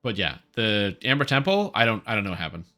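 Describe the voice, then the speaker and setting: A man's voice: on the low side, big pitch swings, quick pace, sharp tone, faint music behind. A man streaming a video game, chatting casually in a rambling, offhand and opinionated way. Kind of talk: casual live-stream commentary.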